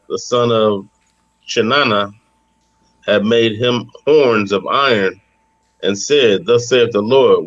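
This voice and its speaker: A man reading scripture aloud at a steady, measured pace in a bible study. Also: lowish voice, no room sound, muffled recording. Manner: steady, measured reading of old-style text. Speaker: scripture reader.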